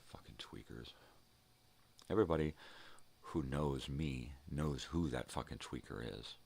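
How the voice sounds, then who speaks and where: An older man vents in a loose, profane monologue. His voice sits extremely low and is rough with gravelly fry. It has a husky, grainy edge. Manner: profane, heated storytelling. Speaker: vlog host. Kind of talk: casual ranting monologue. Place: home.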